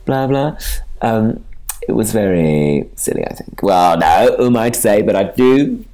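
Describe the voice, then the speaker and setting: A man chatting casually as a podcast co-host, laughing often and throwing in quick asides. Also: on the low side, lively intonation, warm tone. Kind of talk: casual chat.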